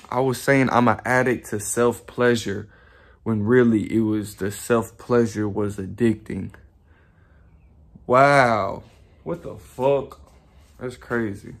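A man's voice: lowish voice, fairly even intonation, slow, gravelly, long pauses. Rambling, profane young man vlogging. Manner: rambling, profane, self-reflective with frequent laughs. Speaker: YouTuber. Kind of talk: casual motivational monologue.

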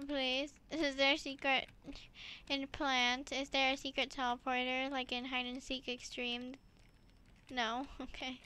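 High bright-voiced girl gamer, excitable commentary, slow talker, dry close mic. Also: clear, resonant tone. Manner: excitable, squeals and laughs while playing. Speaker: gaming YouTuber.

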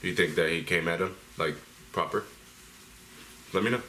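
A man's voice: low voice, normal speed, sharp tone, slight background noise. A man with an American accent giving casual reaction commentary as host, talking bluntly and straight to his viewers. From United States.

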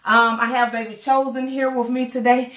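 Breathless, excitable woman vlogger with a slightly high voice, rambling casually in a roomy, echoey space. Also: normal speed. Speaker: vlogger, doll collector. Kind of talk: casual unboxing vlog. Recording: echoey room.

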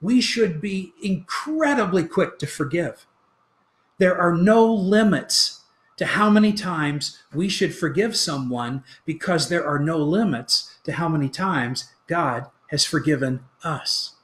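A man preaching a sermon as pastor, retelling a story with lively acted-out quotes. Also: fairly high pitch, takes it slowly, roomy sound. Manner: animated storytelling, acting out quoted lines.

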